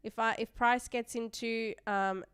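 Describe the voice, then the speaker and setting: A woman's voice: on the high side, steady tone, a little slow, a bit bright, clean tone, no room sound, clean studio sound. Chatty Australian woman streaming live. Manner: chatty, reads chat messages aloud, trails off and restarts. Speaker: livestream trading host. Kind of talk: casual live-stream chat.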